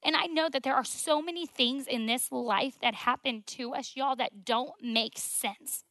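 A young woman tells her faith story to a gathering, her voice bright and a little high. She talks in a loose, emotional way with many "like" fillers, sometimes sinking to a hushed near whisper. The sound is dry and close. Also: unhurried, hardly any pauses, no room sound. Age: 20s. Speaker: speaker sharing testimony. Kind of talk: faith testimony talk.

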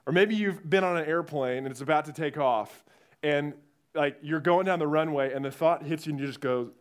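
A high-voiced young man gives a youth sermon in a church room. He tells his story with lively energy and acts out the voices of the people in it. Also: brisk, clean tone. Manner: animated storytelling, acting out quoted voices. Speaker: youth pastor.

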